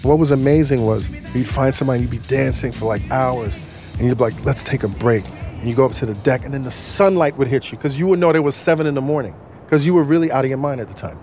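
A man telling a personal story in a casual, animated way, swearing now and then and acting out what people said. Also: mid-range voice, quick pace, faint music behind. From United States. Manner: animated, swears, acts out quotes. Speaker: guest storyteller.

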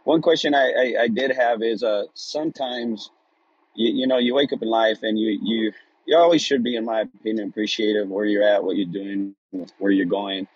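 A man calling into a live audio room, grateful and halting with many restarts. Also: fairly low pitch, steady tone, slightly rough, dry recording. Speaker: caller. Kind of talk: casual chat. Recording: dull phone-like audio room call.

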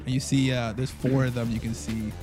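A man narrating as game master of a tabletop role-playing game, in a relaxed way with many fillers. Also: mid-range voice, fairly quick, music in the background.

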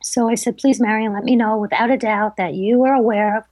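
A middle-aged woman with a somewhat high voice tells stories in a relaxed interview. She is animated and acts out the people she quotes. The sound is close and dry, with no room around it. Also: fairly quick, no echo. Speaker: psychic medium guest. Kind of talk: casual interview storytelling.

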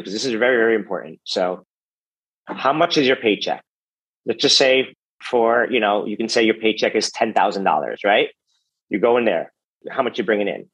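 A man speaking as a business coach in a casual podcast interview, animated and instructive, firing direct questions at the listener. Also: lowish voice, slightly rough, rough recording.

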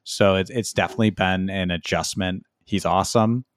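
A man's voice: deep voice, steady tone, a little fast, no room sound, studio quality. A man co-hosting a podcast, telling stories in a sheepish, self-deprecating way with frequent laughs. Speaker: podcast co-host. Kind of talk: casual chat.

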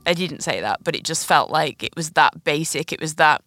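A woman's voice: deep voice, animated, a little fast, pushed and bright. Podcast host, woman, 30s, earnest confessional storytelling over music. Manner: earnest, reflective, with nervous laughs. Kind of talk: personal storytelling.

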